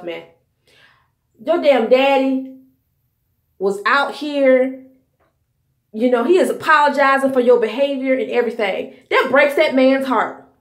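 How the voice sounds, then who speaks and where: A woman's voice: high voice, echoey room. A woman in her thirties hosting a podcast, delivering a heated, profane, scolding commentary rant. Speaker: podcast host.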